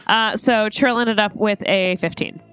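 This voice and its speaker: A woman's voice: mid-range voice, measured pace, fairly bright tone. A woman playing in a tabletop game, chatting casually and teasing the game master with questions. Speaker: player.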